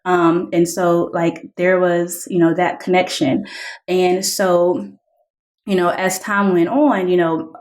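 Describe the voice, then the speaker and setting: A podcast guest, a woman whose voice sits slightly low for a woman, earnestly and conversationally shares a personal testimony, leaning heavily on "like." She speaks slowly with a flat, somewhat mellow delivery, but her pitch jumps up whenever she reenacts what people said.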